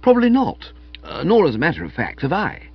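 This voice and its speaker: Male audiobook reader, husky, playful comic narration, muffled lo-fi sound. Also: on the high side, fairly quick, no room sound. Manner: animated, wry storytelling, characterful quotes. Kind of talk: scripted comic novel narration. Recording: dull lo-fi recording.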